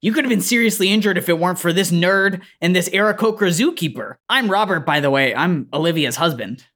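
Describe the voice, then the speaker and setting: A woman's voice: fairly low pitch, animated, fairly quick, fairly bright tone, pitched above the performer's own voice. A woman putting on a stern, stiff generic video-game father in a tabletop game, lecturing in tone.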